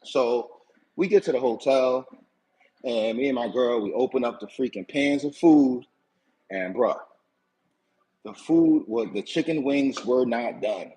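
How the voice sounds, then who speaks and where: On his own channel, a man casually airs a grievance, using slang, circling back over the same points, and repeatedly asking "you know what I'm saying." His medium-pitched voice is mellow, his pace measured with frequent pauses, and the recording is rough.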